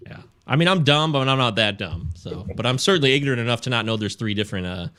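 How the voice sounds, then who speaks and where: Male podcast host, lively pitch, chatty, self-mocking, laughs a lot. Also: quick pace, clear, resonant tone. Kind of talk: casual podcast chat.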